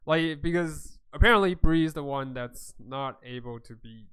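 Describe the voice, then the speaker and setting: A man's voice: fairly high pitch, animated, a little slow, fairly bright tone, smooth. A man running a tabletop game as its game master, narrating casually with many hesitations. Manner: casual, hesitant, filler-heavy.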